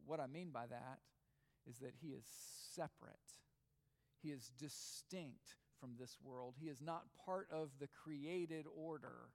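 A man with a high, raised voice preaching to his congregation. He fires off questions and drives each point home with emphasis. His voice rings with a long hall reverb. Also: unhurried, a little mellow. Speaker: pastor. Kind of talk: sermon.

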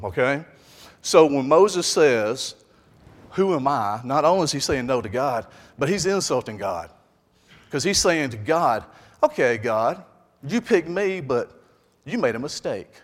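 Pastor guy preaching, chatty n lively, lapel mic, long church echo. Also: medium pitch. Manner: conversational, animated, with asides. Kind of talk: sermon. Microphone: lapel mic on jacket.

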